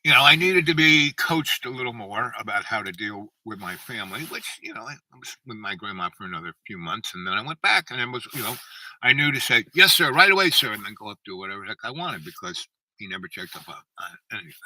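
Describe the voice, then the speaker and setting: A man's voice: fairly low pitch, lively intonation, fast talker, bright, forceful tone, dry recording, distant mic, poor audio. Rambling storyteller man, off mic. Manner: meandering, self-interrupting, acts out quoted voices. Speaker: channel host.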